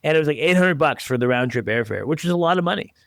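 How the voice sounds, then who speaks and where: A man's voice: on the high side, expressive, fast talker, gravelly, no echo. Chatty male podcast host, dry sound. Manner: chatty storyteller acting out quotes. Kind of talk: casual interview chat.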